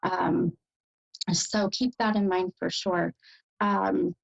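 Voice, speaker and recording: A woman's voice: fairly low pitch, fairly even intonation, slow pace, vocal fry, dull audio. An American woman hosting a psychic reading as a medium, speaking hesitantly with many fillers and bursts of delight.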